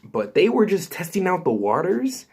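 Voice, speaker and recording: A man hosting his own channel, talking excitedly and rambling with lots of fillers and restarts. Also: high-pitched, normal speed, slightly rough. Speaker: YouTube host. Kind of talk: excited casual vlog commentary.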